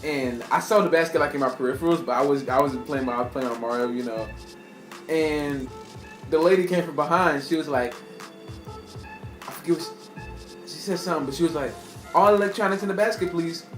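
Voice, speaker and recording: A man's voice: on the high side, fairly quick, pauses often. A young man telling a casual storytime to his camera, rambling and laughing often, with slang. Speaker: vlogger. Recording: echoey room with faint music.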